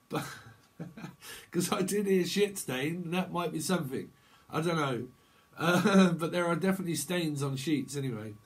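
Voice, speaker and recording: A man giving a rambling tarot reading, acting out slangy little dialogues and laughing between thoughts. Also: a little high. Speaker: tarot reader.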